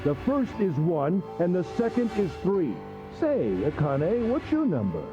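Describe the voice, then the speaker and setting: A sadistic captor with refined manners and a mocking tone in a video game. His pitch sits high and swings widely. The audio is slightly muffled with music underneath. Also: sing-song, measured pace. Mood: taunting. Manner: polite, taunting, cackling. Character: sadistic gentlemanly male captor, cold and mocking.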